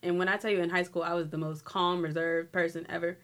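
A woman's voice: lowish voice, flat delivery, quick pace, a bit bright. A young woman co-hosting a podcast in casual chat, emphatic and passionate. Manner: emphatic, building to passionate rants. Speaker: podcast co-host.

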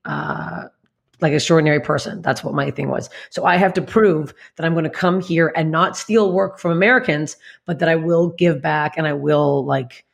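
A woman's voice: low-pitched, moderate pace, gravelly, husky. A woman comedian in her late thirties, telling candid stories as a podcast guest, blunt and swearing constantly. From Canada.

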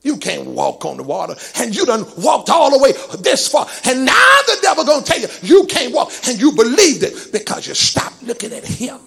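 A man preaches at a church service with a rhythmic cadence, dropping to hushed talk and rising into sung, shouted peaks. His voice sits very high for a man and carries a gravelly, raspy edge. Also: very animated, moderate pace, few pauses. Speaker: pastor. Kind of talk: sermon.

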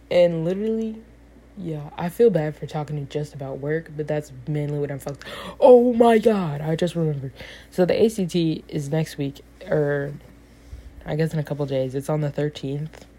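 A woman's voice: sits low, mellow. A young woman in her late teens, a student with a part-time job, rambling casually to the camera, full of fillers and self-deprecating asides.

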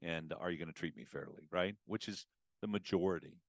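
A man talking as a guest on a podcast about customer communication, casual and animated, acting out customer conversations. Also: low-pitched, a little fast, creaky, no echo, studio quality. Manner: animated, acts out customer and advisor exchanges. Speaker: automotive business consultant guest.

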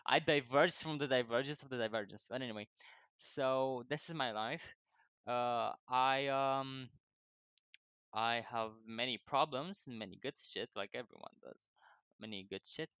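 Bright-voiced young man, rambling and swearing. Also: mid-range voice, no room sound. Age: young adult. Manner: swears constantly, digressive, laughs often. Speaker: vlogger. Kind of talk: rambling personal monologue.

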